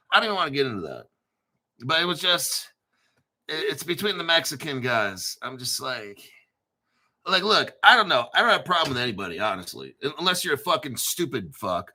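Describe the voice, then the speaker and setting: A man's voice: fairly high pitch, big pitch swings, moderate pace, bright, forceful tone. A middle-aged man hosting a livestream, chatting casually and rambling with profanity and frequent laughter. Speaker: livestream host.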